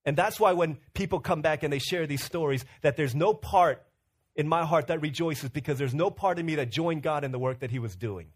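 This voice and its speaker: A man's voice: fairly high pitch, fairly quick. A male pastor preaching in a casual, storytelling way, acting out quotes and using lots of fillers. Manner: storytelling with playful acted-out quotes and many fillers. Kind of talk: casual sermon.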